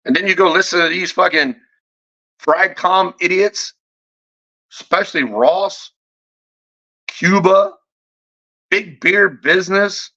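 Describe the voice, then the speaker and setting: A man's voice: sits high, unhurried, bright, forceful tone. Brash man ranting on a dull lo-fi recording. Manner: profane, combative, heavy swearing; repeats and restarts words when heated. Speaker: fragrance reviewer. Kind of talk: off-the-cuff vlog rant. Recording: dull lo-fi audio.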